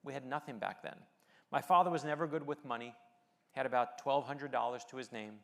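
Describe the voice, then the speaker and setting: Brisk, gravelly, and a bit bright, this mid-range male voice belongs to a middle-aged American keynote speaker and novelist. His motivational speech mixes personal stories and light humor as he rallies the audience.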